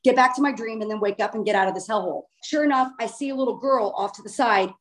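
Chatty woman with a fairly high voice. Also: fast. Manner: animated, informal, swears casually. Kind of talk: casual storytelling of a dream.

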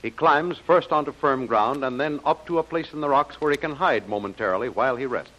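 A man giving dramatic, measured scripted narration for an old radio serial. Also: mid-range voice, bright, forceful tone. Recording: muffled old radio recording.

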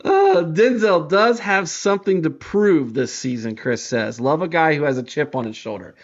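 A man's voice: fairly high pitch, sing-song, normal speed, muffled recording. Man hosting a casual sports podcast. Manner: hesitant, many fillers and restarts. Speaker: podcast host.

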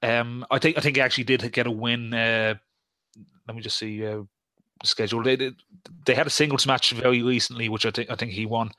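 Man, casual podcaster, halting delivery full of ums and restarts, dry close recording. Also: mid-range voice, fairly even intonation, bright, forceful tone, no room sound. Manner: hesitant, many fillers and restarts. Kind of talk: casual podcast chat about wrestling.

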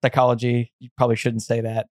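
A young man tells a story in loose, casual chat, wandering through fillers and false starts as he goes. His voice sits at an ordinary pitch, and the recording is dry and close, with no room sound. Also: monotone, quick pace, dry recording. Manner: rambling, full of fillers and restarts.

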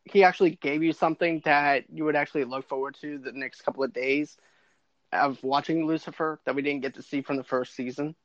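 A man co-hosting a casual TV recap podcast, chatty and quick to laugh. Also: a little high, steady tone, no room sound. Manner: chatty, laughs often, repeats words. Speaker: podcast co-host. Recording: dull lo-fi sound.

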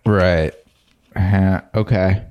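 A man guesting on a comedy show, overexplaining in a flustered way and reading aloud slowly and solemnly. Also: low-pitched, steady tone, a little mellow. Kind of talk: improvised comedy chat.

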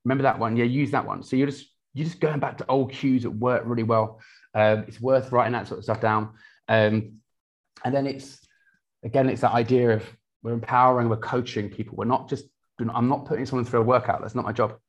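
A man, a personal trainer talking casually in an interview, energetic, with many restarts. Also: medium pitch, brisk. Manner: energetic, many restarts, quotes clients in lively voices.

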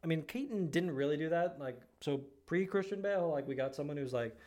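A man's voice: a little high, animated, a little fast, a little mellow. A man co-hosting a podcast in casual chat, rambling with lots of fillers. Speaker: podcast co-host.

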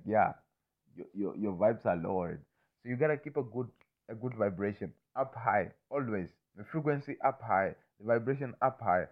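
A man with a lowish voice talks in a loose, rambling way, swearing often and circling back with "you understand me?" The sound is thin and narrow, like it came over a phone line. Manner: loose, repetitive, swears freely, keeps asking "you understand me?". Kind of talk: casual rambling monologue.

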